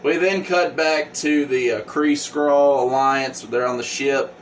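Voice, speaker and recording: A man giving a casual plot recap in a halting way, with frequent fillers and restarts. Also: medium pitch, fairly even intonation. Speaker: comic book reviewer. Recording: distant mic with faint hum.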